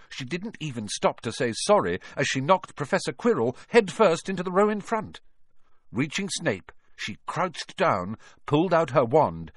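A man reading a storybook aloud, dramatic and expressive. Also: medium pitch, no echo, studio quality. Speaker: audiobook narrator. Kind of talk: storybook narration.

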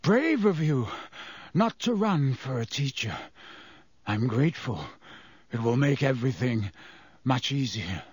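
Hoarse croaky gaunt prisoner guy, a man putting it on, slow low menace. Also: big pitch swings, darkish tone, no echo. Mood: menacing.

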